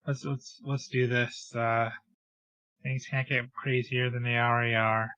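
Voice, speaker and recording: A man voicing a resigned male adventurer in a tabletop game, speaking in a weary, halting way. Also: mid-range voice, level tone, sharp tone, dry recording. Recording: dull lo-fi mic.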